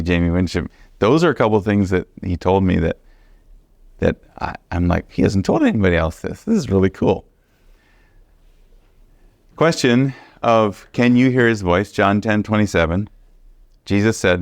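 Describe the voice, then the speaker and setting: A man teaching a Bible study sermon, earnest and animated, stressing points by repeating them. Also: low voice, dry recording, clean studio sound. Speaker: preacher.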